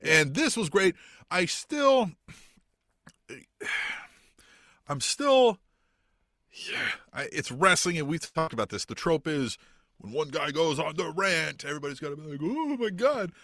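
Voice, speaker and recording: A man's voice: fairly high pitch, big pitch swings, a little slow, pauses often, fairly bright tone, no room sound, studio quality. A man co-hosting a casual wrestling podcast, laughing often and swearing as he chats. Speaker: podcast co-host.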